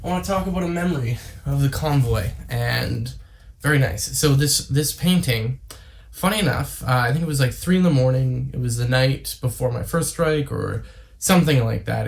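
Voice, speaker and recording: A man's voice: medium pitch, moderate pace, creaky. A young man from Canada talking casually to camera, rambling with many fillers and tangents. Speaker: YouTuber. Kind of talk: casual vlog monologue.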